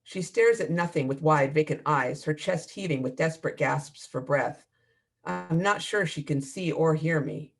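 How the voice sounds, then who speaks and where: A man, an author, reading his own fiction aloud in a measured, expressive storytelling manner. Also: fairly high pitch, vocal fry, faint music behind.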